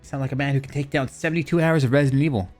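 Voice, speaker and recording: A man's voice: mid-range voice, fairly even intonation, racing, darkish tone, faint music behind. Rambling, profane young streamer man. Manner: rambling, profane, self-mocking. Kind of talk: casual streaming chat. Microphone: desk mic through a streaming mixer.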